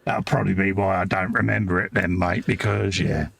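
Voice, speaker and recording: A man's voice: low-pitched, fairly even intonation, a little fast, gravelly, fairly bright tone, slightly rough, no echo. A man from southern England, co-hosting a casual livestream, joking and reading out viewers' messages. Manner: joking, reads out food orders from chat. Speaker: co-host of a livestream. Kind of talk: casual chat.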